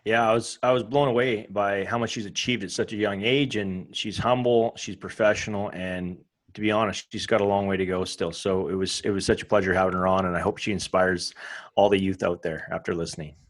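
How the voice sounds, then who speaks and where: A man's voice: on the low side, steady tone, brisk, no room sound, rough recording. A man co-hosting a rugby podcast, chatting easily with a few hesitant restarts. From Canada. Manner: easygoing, warm chat with hesitant restarts. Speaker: podcast co-host and rugby coach. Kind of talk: casual podcast chat.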